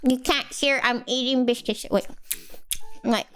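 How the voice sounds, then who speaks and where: A woman's voice: high-pitched, steady tone, a little slow, slight background noise. A sleepy woman streamer chatting casually with her viewers, rambling and playful, breaking into silly sing-song noises. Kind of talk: casual live-stream chat.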